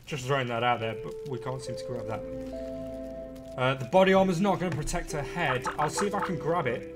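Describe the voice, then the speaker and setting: A man giving chatty, excitable live commentary while playing a game, talking to viewers. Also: medium pitch, fairly quick, music in the background. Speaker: game streamer.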